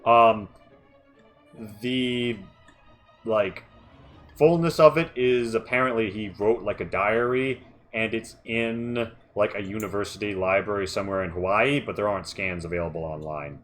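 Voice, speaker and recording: Low-voiced man hesitantly running a game. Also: a bit bright, faint music behind. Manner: hesitant, full of ums and likes, slow descriptive narration. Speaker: game master. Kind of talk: narrating a tabletop game. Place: home setup, streamed live.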